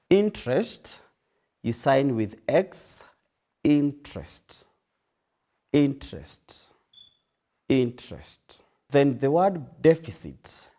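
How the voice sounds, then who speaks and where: Very slow-spoken male sign language teacher. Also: medium pitch, darkish tone. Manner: repeats each word several times while demonstrating. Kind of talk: slow instructional demonstration.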